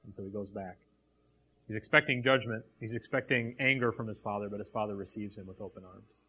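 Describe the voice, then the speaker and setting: A man's voice: fairly low pitch, brisk, pushed and bright, husky. A man reading a passage aloud and then preaching on it, with direct questions to a live audience. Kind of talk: sermon.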